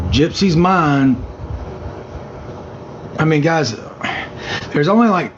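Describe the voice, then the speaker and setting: A man talks defensively to his followers in a casual, rambling way, circling back over the same points. The clip sounds dull and slightly muffled, with faint noise underneath. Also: medium pitch. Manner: defensive, repeats himself, lots of "like".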